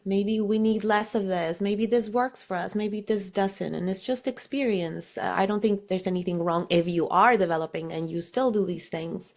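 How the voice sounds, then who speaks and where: A woman's voice: mid-range voice, a little mellow. A woman hosting a podcast panel, speaking encouragingly and handing the floor to others. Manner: encouraging, hands the mic around. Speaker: podcast host. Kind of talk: casual chat.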